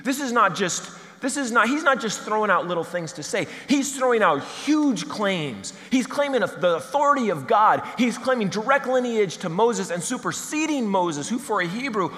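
Animated joking male pastor, high voice. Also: moderate pace, few pauses, big-room sound. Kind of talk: sermon.

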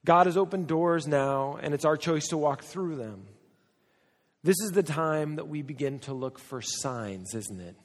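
A man's voice: a little high, unhurried. Joking male pastor in a reverberant hall. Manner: conversational, joking, acts out quoted voices. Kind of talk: humorous sermon. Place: church hall.

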